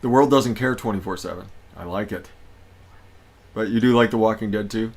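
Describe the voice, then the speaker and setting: A man's voice: on the low side, moderate pace, gravelly. A man hosting a casual livestream, upbeat and greeting his viewers one by one. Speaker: livestream host.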